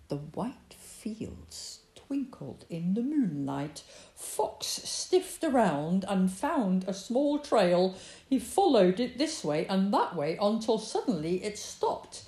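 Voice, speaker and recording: A woman reading a children's story aloud in an expressive, sing-song way. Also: mid-range voice. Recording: roomy echo.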